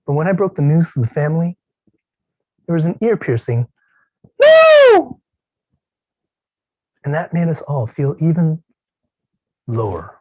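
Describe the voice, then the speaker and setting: Husky, expressive male storyteller. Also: a little high, no room sound, low-quality recording. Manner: expressive, with drawn-out pauses and hushed tender passages. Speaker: contest speaker. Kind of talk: dramatic storytelling speech.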